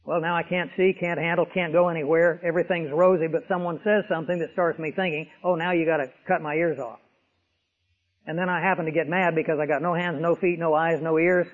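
A man's voice: fairly high pitch, fairly even intonation, brisk. A man preaching an expository sermon, emphatic, with vivid illustrations. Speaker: pastor. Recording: tinny radio broadcast with long reverb.

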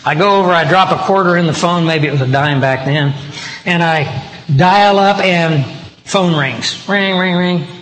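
A man's voice: fairly high pitch, normal speed, a bit bright. Male pastor telling a story in an echoey hall. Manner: conversational storytelling that acts out quoted dialogue. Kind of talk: sermon told as a personal story. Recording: roomy hall with long reverb.

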